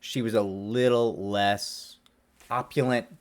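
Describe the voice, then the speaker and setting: A man's voice: fairly low pitch, fairly even intonation, takes it slowly. A man, a lawyer, telling a story to camera in a rambling, self-deprecating way with many restarts.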